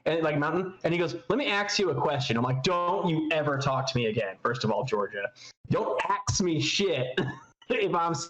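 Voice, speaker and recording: A man from Utah, a podcast co-host, telling profane, animated stories in casual chat. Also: on the high side, normal speed, echoey room. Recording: slightly dull, lo-fi sound.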